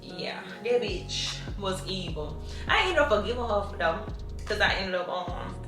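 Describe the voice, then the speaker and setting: A woman's voice: mid-range voice, lively intonation, unhurried, roomy sound, music in the background. A woman, telling stories in a blunt, profane, conversational Q&A vlog. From Mobile, Alabama, US. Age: 20s. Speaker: vlogger. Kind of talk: casual Q&A storytelling.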